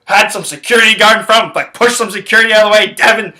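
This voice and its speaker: A man's voice: high voice, quick pace. A young man from Canada, host of his own show, telling a long story in a casual, rambling way, swearing constantly. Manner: profane, rambling, animated retelling. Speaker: podcast host.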